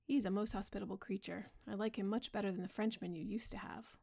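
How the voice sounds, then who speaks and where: A woman reads a grave, earnest painter, pleading with an old friend. His voice stays soft and low-key for a sleepy audiobook, with a gravelly fry underneath. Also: steady tone, fast talker. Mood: chatty. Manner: earnest, pleading, softly spoken. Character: earnest grave male painter, middle-aged. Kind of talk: bedtime audiobook reading.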